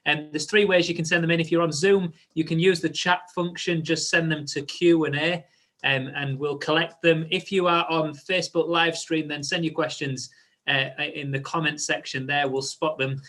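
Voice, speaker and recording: A man's voice: fairly high pitch, steady tone, moderate pace, fairly bright tone. A man hosting a livestreamed church event, friendly, with many "um" fillers. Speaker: event host.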